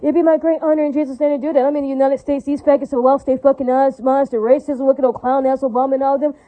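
A woman rattles off a rambling religious rant at a rapid clip, her voice high. She is repetitive, profane and preachy. The sound is narrow and tinny, like a phone call. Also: flat delivery.

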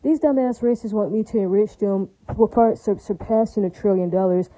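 A woman's voice: mid-range voice, normal speed, warm tone, no echo, low-quality recording. A woman speaking in a rambling, repetitive monologue, full of fillers and religious exclamations. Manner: repetitive, emphatic, filler-heavy. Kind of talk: rambling direct-to-camera monologue.

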